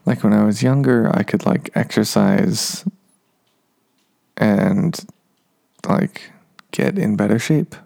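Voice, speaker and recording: A man's voice: on the low side, slow pace, vocal fry, long pauses, dark tone. A man in his thirties talking to his podcast listeners in a casual, meandering monologue full of fillers and self-deprecating asides. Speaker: podcast host.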